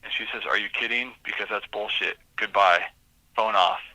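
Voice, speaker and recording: A man's voice: fairly low pitch, fairly even intonation, moderate pace, pushed and bright, no room sound, low-quality recording. A man, a police lieutenant, being interviewed and reading messages aloud, emotional and hesitant.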